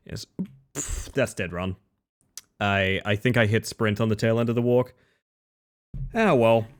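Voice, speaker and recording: A man's voice: lowish voice, unhurried, smooth. A man streaming a speedrun late at night, chatting casually with his viewers, thinking aloud and correcting himself as he plays. He sounds a little tired. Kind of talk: casual gameplay commentary.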